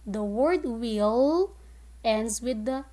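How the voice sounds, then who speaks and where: A woman teaching a phonics lesson to young children, modeling words clearly and slowly and giving praise. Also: on the high side, expressive, dark tone. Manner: slow, clear, drawn-out word modeling with praise. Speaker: kindergarten teacher.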